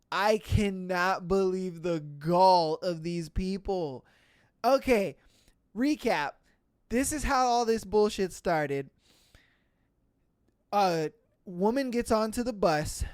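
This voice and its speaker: A podcast host reading out reddit stories and reacting with loud exclamations, swearing and frequent laughter, into a close mic. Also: mid-range voice, smooth, dry recording. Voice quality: profane, exclamatory, laughs often.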